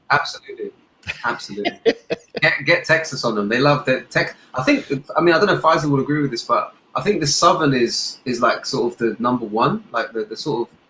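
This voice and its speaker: A man guesting on a casual podcast chat, upbeat and quick to agree. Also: mid-range voice, lively intonation, sharp tone, echoey room, a little hiss or hum, low-quality recording. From United Kingdom.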